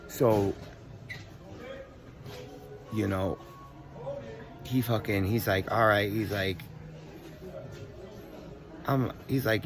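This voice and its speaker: A young man telling a story in a casual, profane, animated rant full of street slang. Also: lowish voice, slow pace, long pauses. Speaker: vlogger.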